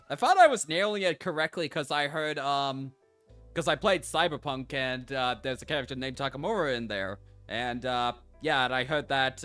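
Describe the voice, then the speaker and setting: A man's voice: a little high, a bit bright, smooth. A man streaming a game, chatting casually and stumbling through answers with fillers. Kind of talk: let's-play commentary and reading aloud.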